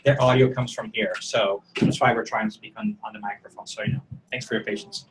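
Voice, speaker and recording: Relaxed man co-hosting a conference. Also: fairly low pitch, brisk, low-quality recording. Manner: relaxed, explains the setup to the audience. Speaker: conference co-host. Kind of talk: casual announcements. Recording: clear background noise.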